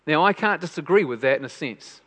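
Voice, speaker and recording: A man's voice: a little high, animated, fairly quick, fairly bright tone. A man preaching a sermon in an earnest way, repeating phrases for emphasis. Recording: long hall reverb.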